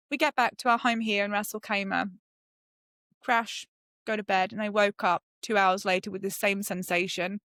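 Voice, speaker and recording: A middle-aged British woman, a podcast guest, telling a personal story in a lively way and acting out the voices she quotes. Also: fairly quick, dry recording, studio quality. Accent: British English. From Britain. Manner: lively, acts out quoted voices with sudden high jumps. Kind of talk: animated storytelling.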